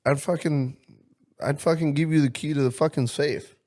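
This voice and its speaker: A man's voice: a little high, fairly even intonation, normal speed, darkish tone. A young man co-hosting a podcast in casual, profane banter, joking crudely and swearing constantly. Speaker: podcast co-host.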